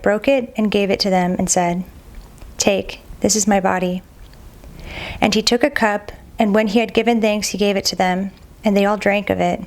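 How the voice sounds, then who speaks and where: A woman reading scripture aloud at a steady, measured pace, sometimes stumbling on a hard name and repeating it. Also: mid-range voice. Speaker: Bible reader.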